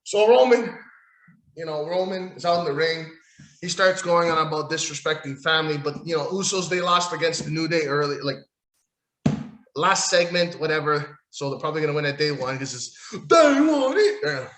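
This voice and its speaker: A man's voice: on the high side, moderate pace, a bit bright, echoey room. A man hosting a solo wrestling podcast, ranting in a profane, sarcastic, rambling way while losing his voice. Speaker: podcast host.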